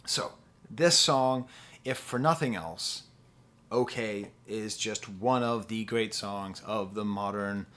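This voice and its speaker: A man's voice: lowish voice, slow pace, a bit bright. Rambling, playful male music reviewer. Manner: rambling and playful, with lots of "like" and sung snippets. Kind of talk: casual video review.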